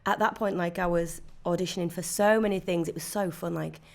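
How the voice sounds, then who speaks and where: Gravelly-voiced woman with a Leeds accent. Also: lowish voice, steady tone, a little fast. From Leeds, England. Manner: chatty, many "like" fillers and restarts. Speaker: actress, podcast guest. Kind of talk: casual conversational interview.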